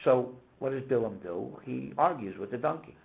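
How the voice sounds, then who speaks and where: A man teaching a casual Torah lesson, telling stories with animated, emphatic questions. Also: medium pitch, moderate pace, vocal fry, noisy background. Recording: tinny phone-like sound.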